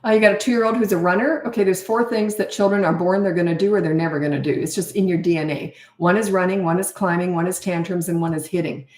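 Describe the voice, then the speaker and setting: A woman's voice: fairly low pitch, fairly even intonation, quick pace, hardly any pauses, a little mellow. A middle-aged woman giving parenting advice in a casual, blunt way, acting out the dialogue she quotes. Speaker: parenting coach. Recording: echoey room.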